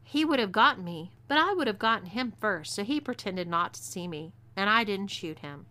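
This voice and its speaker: Texan lady reading a cocky bossy gunslinger gal, bright twangy voice, western story. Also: mid-range voice, lively intonation, normal speed. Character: bold female outlaw gunslinger, cocky and commanding.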